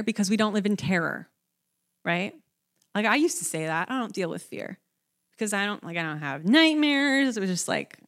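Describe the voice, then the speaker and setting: A young woman preaching a conversational sermon, animated and talking to the congregation, acting out scenes. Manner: animated, conversational, acts out the disciples with rising pitch.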